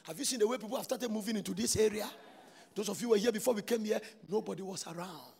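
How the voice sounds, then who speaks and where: A Ghanaian-accented male preacher with a high, gravelly voice, leaning hard on his words, then dropping to a near-whisper. His husky delivery rings out in a large church hall with a long, trailing reverb. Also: quick pace. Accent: Ghanaian English. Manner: emphatic, swinging from shouts to hushed asides. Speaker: prophet preaching to a congregation. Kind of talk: sermon.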